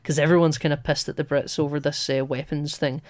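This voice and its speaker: A man's voice: on the high side, level tone, fairly quick. Male podcast co-host, casual and rambling, peppers his talk with fillers. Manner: chatty, rambling, with many fillers and restarts. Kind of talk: casual film discussion.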